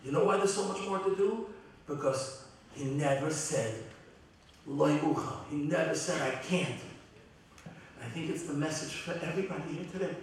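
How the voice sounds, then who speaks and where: Man, middle-aged, rabbi, eulogy, heartfelt, halting, booming hall echo, faint background hum. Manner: heartfelt, halting, with many restarts. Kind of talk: eulogy at a memorial gathering. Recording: very echoey hall from far off.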